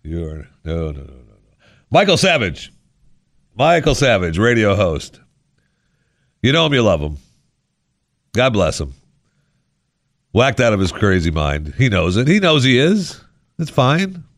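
A man's voice: medium pitch, very animated, unhurried, pauses often, no echo. A man hosting a radio talk show, rambling on in a sarcastic, jokey monologue from a studio microphone.

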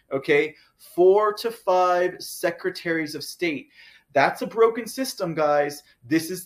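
A man from Texas, hosting a live political commentary show in a fired-up, ranting way, often tossing in "okay?" and "guys". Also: fairly high pitch.

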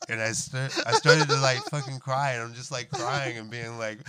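A man's voice: medium pitch, fairly even intonation, moderate pace, hardly any pauses, pushed and bright, clear, resonant tone, no echo. A man in his thirties, a guest casually telling stories from his life, swearing freely and laughing as he talks. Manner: laid-back, swears often, laughs through stories. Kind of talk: casual storytelling chat.

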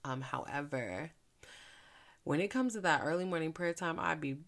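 A woman with a very deep, gravelly voice hosts a devotional podcast in an easy, conversational way. She is from Philadelphia and sounds earnest. She drops to a soft hush when she turns to prayer. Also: lively intonation, normal speed. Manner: chatty and earnest, with soft hushed stretches during prayer. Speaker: faith podcast host and minister. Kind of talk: casual devotional podcast talk.

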